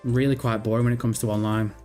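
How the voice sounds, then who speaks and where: A man's voice: mid-range voice, little pitch movement, fast talker, a little mellow. A man hosting a casual livestream, reading viewer messages aloud and rambling through his answers while swearing freely. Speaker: livestream host. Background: faint background music.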